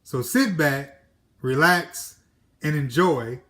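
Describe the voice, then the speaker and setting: A man, an educator, reading a children's storybook aloud with an expressive, animated manner. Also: a little high, takes it slowly.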